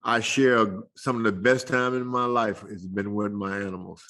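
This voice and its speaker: Older male guest, folksy chuckling storyteller, bright forceful tone. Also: fairly low pitch, steady tone, normal speed. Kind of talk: casual storytelling interview.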